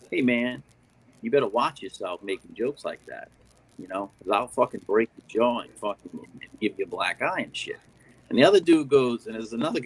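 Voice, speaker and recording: A man's voice: mid-range voice, breathy edge, poor audio. A man in casual chat, telling a story animatedly with lots of fillers and swearing.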